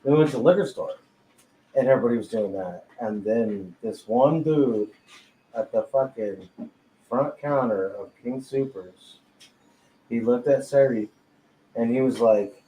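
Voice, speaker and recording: A man's voice: medium pitch, a little slow, long pauses, warm tone. A man telling a personal story in casual chat, swearing freely and laughing often. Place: tattoo studio during a live podcast. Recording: roomy echo, faint ambience.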